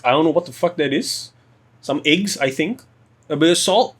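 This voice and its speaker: A man's voice: on the high side, moderate pace, slightly rough. A young man co-hosting a podcast, rambling and swearing in casual chat. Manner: rambling, profane, animated. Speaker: podcast co-host.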